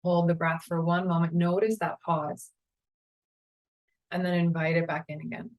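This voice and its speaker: A woman yoga teacher leading a guided meditation in a slow, calm, soothing way. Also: on the low side, low-quality recording. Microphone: camera mic, seated on a chair.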